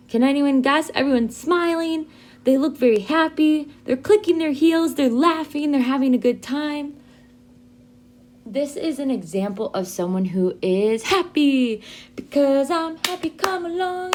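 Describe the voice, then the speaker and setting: Speaking on the high side with a darkish tone, a young adult woman leads an English vocabulary lesson. She models phrases slowly and clearly for the learners to repeat.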